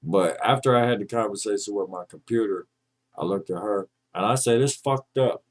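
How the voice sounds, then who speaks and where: A man's voice: fairly low pitch, a little fast. A man co-hosting a podcast in casual chat, ranting and joking with a lot of swearing. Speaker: podcast co-host.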